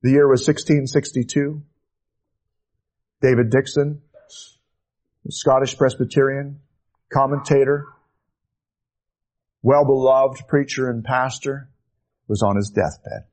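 Slow, fervent male preacher. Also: mid-range voice, steady tone. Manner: slow, rising to fervent emphasis, dropping to hushed tones. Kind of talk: sermon.

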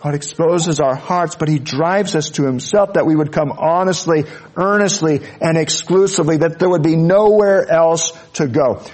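A man preaching a sermon, earnest, dropping to soft low asides and rising to loud high peaks. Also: husky. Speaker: pastor.

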